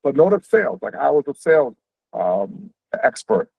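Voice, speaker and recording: A man hosting an info session on a video call, explaining career paths quickly and conversationally, checking in with "right?". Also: on the high side, very animated, vocal fry, darkish tone, breathy edge, dry recording. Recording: tinny, phone-like dry audio.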